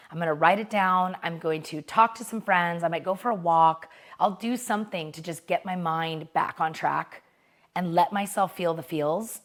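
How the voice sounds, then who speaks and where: A woman hosting a podcast, talking candidly in a casual motivational monologue, checking in with "right?" and swearing now and then. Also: fairly low pitch. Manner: candid, conversational, mild swearing, frequent "right?" check-ins. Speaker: podcast host.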